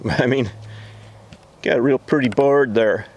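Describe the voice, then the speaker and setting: Outdoors at a log-milling site, a man with a mid-range, darkish voice hosts a casual video. He speaks slowly and chats with viewers in a folksy way while he works.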